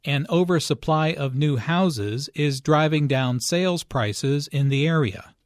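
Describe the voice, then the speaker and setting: A man narrating a scripted English lesson in a slow, clear, even delivery. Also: on the high side, no echo, clean studio sound. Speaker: English teacher.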